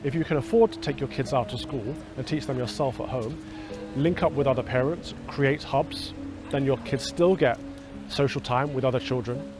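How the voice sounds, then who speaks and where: Male documentary presenter, earnest and persuasive scripted read, clear music bed beneath. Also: mid-range voice.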